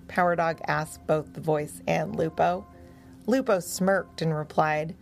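Woman narrator for a children's story: gentle, expressive, unhurried, slight fry. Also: sits low, faint music behind.

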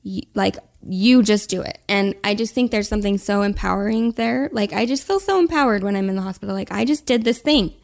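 A woman hosting a casual podcast interview, enthusiastic and quick to laugh and agree. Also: mid-range voice, vocal fry. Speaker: podcast host.

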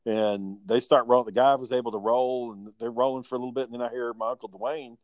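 A man's voice: mid-range voice, steady tone, fast, darkish tone, a little hiss or hum. A young man, telling rambling, profane family stories in casual chat with his brother.

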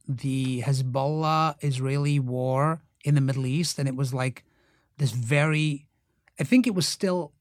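A middle-aged actor, his voice fairly high, tells stories as a guest in a casual interview, recorded dry with studio quality. He's animated, leans on lots of fillers, and acts out the voices of the people he quotes.

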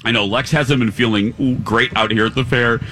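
A man's voice: medium pitch, normal speed, a little hiss or hum. A man hosting a casual chat, telling stories and acting out what others said. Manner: animated storyteller acting out quotes. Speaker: talk show host. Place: event booth at a fair.

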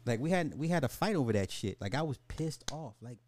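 A man's voice: mid-range voice, expressive, brisk, a little mellow, slight background noise. A man in his forties hosting a podcast, telling stories casually and with animation, swearing and laughing as he goes. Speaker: podcast host. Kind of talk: casual storytelling over a live game.

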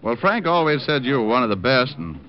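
An actor playing a wisecracking private detective who narrates and trades dry, sarcastic quips, in 1950s radio drama style. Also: male voice, medium pitch, very animated, brisk, close to an everyday voice. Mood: wry. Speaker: narrator and lead. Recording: dull lo-fi old radio recording with music behind.

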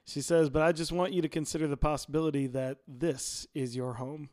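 A man's voice: fairly high pitch, steady tone, a little fast, darkish tone, no room sound, clean studio sound. A man co-hosting a podcast, chatting casually and quoting favorite TV lines with relish and frequent laughter. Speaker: podcast co-host. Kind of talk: casual chat about a TV episode.

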